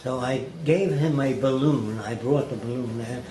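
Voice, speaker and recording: A man's voice: mid-range voice, normal speed. A man telling anecdotes as an interview guest, acting out the people he quotes. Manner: lively storyteller who acts out quoted people. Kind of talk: anecdotal storytelling. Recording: echoey room with faint hiss.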